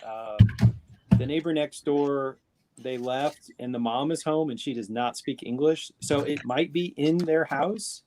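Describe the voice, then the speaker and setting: A man's voice: on the high side, measured pace, darkish tone, slight background noise. A man chatting casually on a live video call, rambling with fillers and restarts, speaking into a tablet microphone. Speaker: panelist on a live video show. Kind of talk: casual chat.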